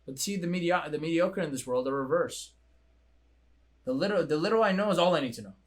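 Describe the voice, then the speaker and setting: A young man hosting a coaching show, talking in a blunt, profane, animated way. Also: on the high side, fast. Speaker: coaching podcast host. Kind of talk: casual chat.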